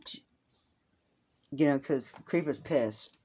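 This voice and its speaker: A man's voice: mid-range voice, takes it slowly, dark tone. A young man casually improvising a fan story, rambling with fillers, laughs and swearing.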